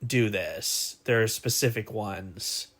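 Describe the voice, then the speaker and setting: A man from the United States in his thirties, co-hosting a podcast in easygoing, halting casual chat. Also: fairly low pitch, fairly bright tone. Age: 30s. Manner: easygoing, halting, explains at length. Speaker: podcast co-host.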